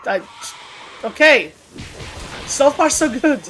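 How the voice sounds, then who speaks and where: Chatty woman streamer, slightly high voice. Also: animated, takes it slowly, fairly bright tone, slight background noise. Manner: chatty, laughing, stumbling restarts. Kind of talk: casual gaming stream chat. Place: home streaming setup. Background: faint game music.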